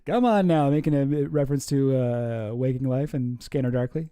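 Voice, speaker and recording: A man giving relaxed, rambling commentary as he reacts to old clips. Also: medium pitch, moderate pace, clear, resonant tone, dry recording, studio quality. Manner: laid-back rambling with many fillers. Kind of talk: casual commentary.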